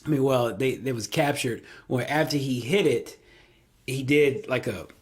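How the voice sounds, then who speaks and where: A man co-hosting a golf talk show, chatting casually and excitably, often repeating himself. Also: medium pitch, a little slow. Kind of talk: casual sports chat.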